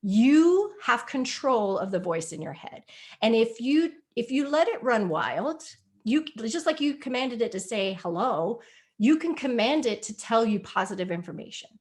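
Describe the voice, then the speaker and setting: In a fairly high, sing-song voice at a moderate pace, a woman presents a spiritual health talk live over video call. She works as a wellness presenter, and her delivery is earnest and encouraging, with points she returns to repeatedly.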